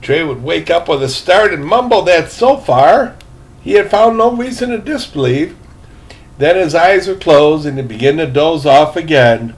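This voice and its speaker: An older man reading a novel aloud, unhurried, now and then breaking off with asides of his own. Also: on the high side, expressive. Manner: unhurried, breaks off to chat about his drink. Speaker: reader.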